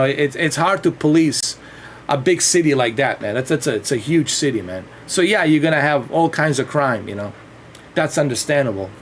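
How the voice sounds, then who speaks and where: A man's voice: fairly high pitch, slight background noise. A man chatting casually on a livestream, rambling and swearing freely. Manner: rambling and profane, with frequent restarts and laughs.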